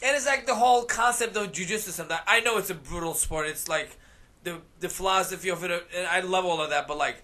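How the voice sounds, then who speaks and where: A man's voice: high voice, quick pace, bright, forceful tone. A man who fights professionally, chatting as a podcast guest in a rambling way with lots of fillers and laughter. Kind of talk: casual chat.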